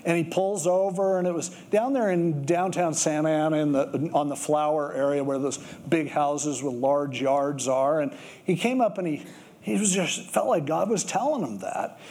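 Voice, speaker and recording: A man preaches in an easygoing, conversational sermon voice that sits a little high for a man. He drifts into stories and explains scripture as if chatting with the congregation. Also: normal speed. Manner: conversational storytelling, with lively acted quotes. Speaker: pastor.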